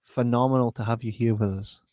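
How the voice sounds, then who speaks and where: A man's voice: mid-range voice, level tone, a little fast, dark tone, dry recording. A man hosting a casual podcast, joking, swearing freely and reading out listener messages. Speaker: podcast host. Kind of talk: casual chat.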